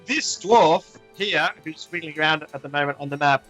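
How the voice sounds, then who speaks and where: A man runs a tabletop game, describing the action in a playful way and laughing often. His voice is bright and sits a little high, with faint music behind him. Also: normal speed, low-quality recording. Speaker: game master.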